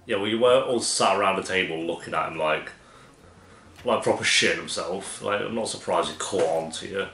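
A man's voice: low voice, fairly bright tone, reverberant, slight background noise. A man hosting a TV reaction, chatting casually and mocking what he watches. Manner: sarcastic, chatty, quick to mock. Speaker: TV reaction host.

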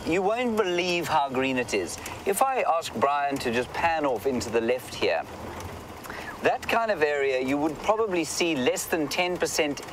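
A man hosting a live safari broadcast outdoors from a game drive vehicle, chatting playfully with online viewers and reading out their comments. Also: mid-range voice. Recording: outdoor noise from the vehicle and surroundings. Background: vehicle and outdoor ambience.

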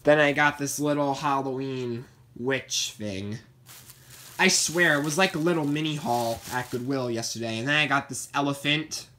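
Chatty young man with a bright voice. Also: mid-range voice, moderate pace, a little hiss or hum. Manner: chatty, meandering, repeats himself. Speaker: vlogger showing his plush collection. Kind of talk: casual rambling show-and-tell.

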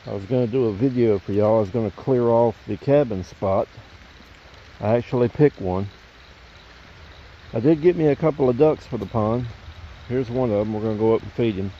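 With long pauses and a normal speaking speed, a mid-range-voiced man rambles folksily to his viewers while filming outside by a pond for his vlog. The outdoor camera sound is dull and lo-fi, with a bit of hiss or hum.

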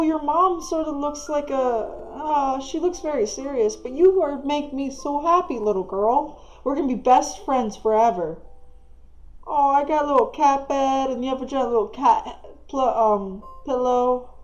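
A woman's voice: sits high, measured pace, a little mellow, muffled recording, faint music behind. A woman giving casual, gushing gameplay commentary as a let's play gamer. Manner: gushing, easily delighted.

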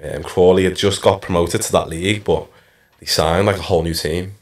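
A deep voice, a touch fast, from a Liverpool man in his thirties who used to play football. He's telling stories in a casual podcast interview, easygoing and heavy on "like" and "you know."

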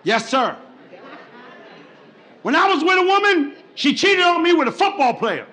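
A male stand-up comedian on a club stage, loud and swearing, acting out both sides of arguments. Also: very high-pitched, very animated, unhurried. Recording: live club recording with crowd noise.

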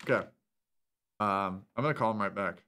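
A man hosting a scam-baiting stream, taunting callers and getting fired up, with loud shouted bursts. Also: fairly low pitch, moderate pace, clean tone. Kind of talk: casual streamer talk.

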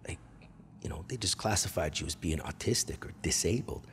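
A Canadian man in his forties, a comedian hosting his own show, telling a crude, animated life story and breaking into loud impressions and yells. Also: low-pitched, fairly quick, slight background noise. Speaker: comedian host.

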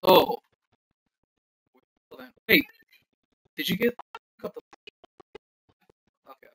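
A man's voice: very high-pitched, very animated, takes it slowly, creaky, fairly bright tone, slight background noise, low-quality recording. A man hosting a casual gaming livestream, reading chat aloud, laughing often and blessing viewers in churchy phrases.

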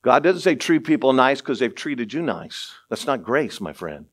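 At normal speed, a middle-aged pastor delivers his sermon in a conversational style. Rhetorical questions and asides pepper it, and his voice moves from quiet murmurs up to excited, raised stretches.

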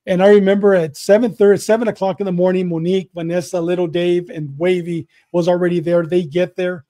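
A middle-aged man with a fairly high but mellow voice tells a deeply personal story in an earnest, repetitive way. He slips into remembered conversations as he goes. The recording is dry and close. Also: level tone, fairly quick, dry recording. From Southern California. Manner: earnest, repeats himself, acts out both sides of remembered dialogue. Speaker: guest, retired police detective.

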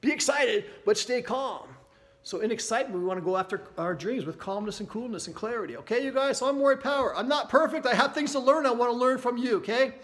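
A man from Canada with a strikingly high voice delivers a motivational talk straight to camera. He speaks with lively energy and keeps checking in with his listeners as he coaches them. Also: quick pace. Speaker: anxiety workshop presenter.

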